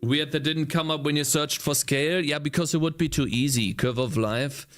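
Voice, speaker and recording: A man's voice: a little high, fairly even intonation, moderate pace. A man developing a game while talking to himself, frustrated and swearing, his voice strained from screaming. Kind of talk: casual livestream coding commentary.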